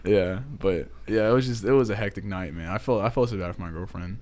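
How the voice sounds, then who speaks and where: A man's voice: low-pitched, fast talker, darkish tone. A young man, co-hosting a podcast and telling a rambling story, full of "like" and "dude" and plenty of swearing. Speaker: podcast co-host. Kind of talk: casual storytelling chat.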